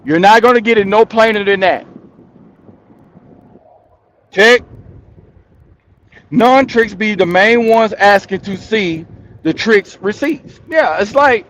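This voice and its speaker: A man with a high-pitched voice delivers casual opinion commentary to his audience. He takes his time, hammering each point home by repeating it and laughing between thoughts. He speaks straight to his viewers as the host of his own channel. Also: takes it slowly, pauses often, a bit bright, dull audio.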